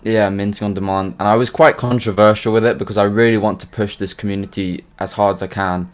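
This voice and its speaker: Man, low voice, podcast guest, game creator, halting, repeats words. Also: fairly even intonation. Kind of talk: casual podcast interview.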